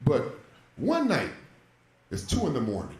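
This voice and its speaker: A man in his thirties tells a profane stand-up story to a live crowd, his pitch leaping around as he acts out the scenes. His voice sits a little high for a man. The stage mic picks up a roomy club echo. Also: huge pitch swings, a little slow, a little mellow. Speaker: stand-up comedian. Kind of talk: stand-up comedy set.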